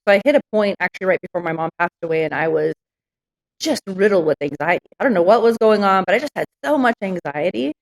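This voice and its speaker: A woman's voice: mid-range voice, animated, quick pace, low-quality recording. A woman business owner telling candid stories in an interview, frank and reflective with many fillers.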